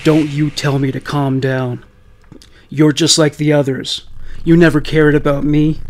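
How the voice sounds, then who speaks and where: A man's voice: on the high side, flat delivery, unhurried, a little hiss or hum, natural voice. A man voicing a violent, bitter teenage girl who snaps and hurls accusations in a true-crime story. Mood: hostile. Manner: snapping, accusing.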